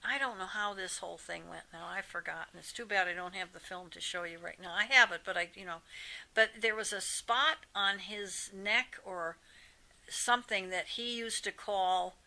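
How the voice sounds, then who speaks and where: An older woman, a psychic medium, chatting in an interview and telling animated anecdotes with frequent asides. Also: mid-range voice, rough recording. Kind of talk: casual interview storytelling.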